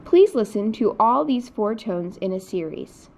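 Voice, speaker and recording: A woman's voice: medium pitch, animated, a little slow, gravelly, a little mellow, slight background noise. A woman teaching a recorded Mandarin lesson, explaining patiently in scripted narration. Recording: dull lo-fi recording.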